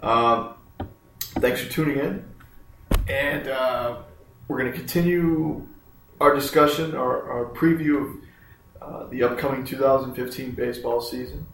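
Slow, monotone male podcast host. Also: medium pitch, a little hiss or hum. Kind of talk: casual sports podcast chat. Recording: roomy echo, mic at a distance.

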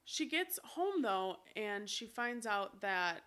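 A woman co-hosting a podcast, casually recapping a musical with lively, swearing retellings. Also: medium pitch, slow pace, smooth. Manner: animated, swears casually, acts out quotes. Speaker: podcast co-host.

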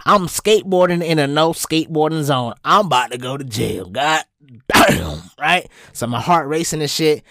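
A young man talks straight into a close mic, telling a story on his own podcast. His pitch swings widely as he jumps into squeaky high bits, and his casual, profane delivery sounds dry and close. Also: lively intonation, moderate pace, fairly bright tone, no echo. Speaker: podcast host.

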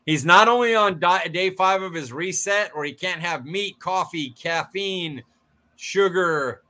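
A man co-hosting a sports podcast, fired up and blunt, mocking pundits in quick bursts. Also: high-pitched, bright, forceful tone. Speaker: podcast co-host. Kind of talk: casual sports chat.

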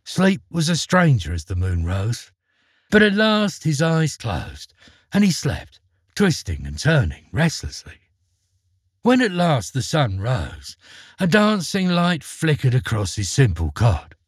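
A man narrating a fairy tale in an expressive, dramatic storytelling manner. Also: a little high, slow, breathy edge, dry recording, studio quality.

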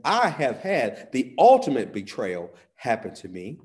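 Dynamic male preacher, loud peaks and soft drops. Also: on the low side, sing-song, moderate pace, hardly any pauses. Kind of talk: sermon.

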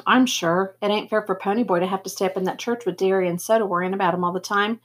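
A woman voicing a quiet, sensitive teenage boy who is scared but earnest, in a storybook reading. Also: medium pitch, fairly even intonation, quick pace, slightly rough, natural voice. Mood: pleading.

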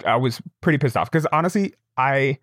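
Animated young man telling a story. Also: medium pitch, brisk, dry recording, clean studio sound. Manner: animated, quotes people in raised voices, laughs often. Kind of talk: casual storytelling chat. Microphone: remote call with broken camera.

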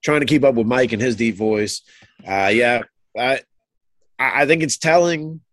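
A congested man co-hosting a sports podcast, thinking aloud in a halting, casual way. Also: medium pitch, a bit bright, no echo. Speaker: podcast co-host.

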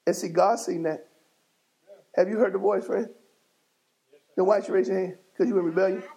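A man delivers a fiery sermon from the pulpit of a church, speaking. His voice sits high for a man and carries a gravelly edge, and he pushes his congregation with call-and-response and sudden shouts. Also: fairly even intonation, a little fast, dull audio. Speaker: bishop preaching. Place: church sanctuary.

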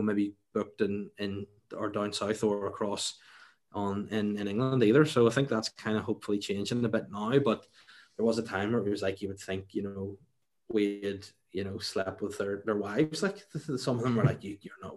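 Young northern irish man, lowish voice, casual rambling chat, lots of restarts. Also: fairly even intonation, normal speed, a little mellow. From Northern Ireland. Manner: rambling, many restarts and "you know"s. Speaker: stand-up comedian, guest.

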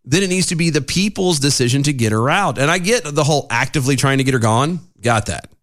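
Lively-voiced man reading news on a podcast. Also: fairly high pitch, quick pace. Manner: reads news items aloud, then argues opinions. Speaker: podcast co-host. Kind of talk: casual news chat. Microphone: studio mic with pop filter.

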